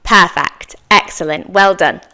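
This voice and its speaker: A woman teaching an English lesson, saying example sentences slowly and clearly for learners to repeat, with encouraging praise. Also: fairly low pitch, pushed and bright. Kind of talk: slow, clear language lesson with repeat-after-me drills.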